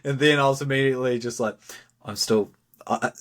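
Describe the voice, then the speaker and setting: A man chatting casually as a podcast co-host, telling relaxed stories and acting out small quotes. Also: medium pitch, a little fast. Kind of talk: casual chat.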